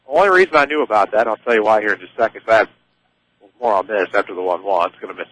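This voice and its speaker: A man calling play-by-play for a high school baseball game on local radio, easygoing and chatty. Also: racing, rough recording. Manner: easygoing, chatty, excited on big plays. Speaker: play-by-play announcer.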